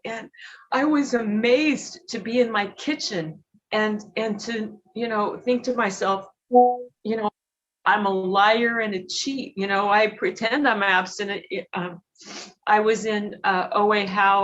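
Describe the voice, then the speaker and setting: A woman giving an emotional, halting personal share at a recovery meeting, teary and sniffling, with many fillers and restarts. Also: mid-range voice, fairly bright tone, rough recording. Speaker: guest speaker at a recovery meeting.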